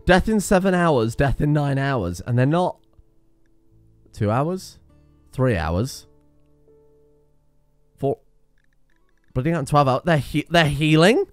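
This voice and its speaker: A young man giving casual, excitable let's-play commentary, swearing and laughing at in-game disasters. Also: a little high, slow pace, pauses often, smooth, no echo, faint music behind. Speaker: gaming video host.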